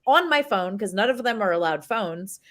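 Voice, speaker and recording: Lively chatty woman host. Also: medium pitch, normal speed. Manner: chatty, laughs often. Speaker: podcast host. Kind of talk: casual chat.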